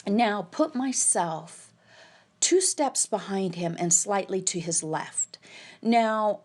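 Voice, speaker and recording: Woman telling a scary true story on a podcast, halting, tense, quoting people, mid pitch. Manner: tense, halting retelling with quoted dialogue. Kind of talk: personal storytelling.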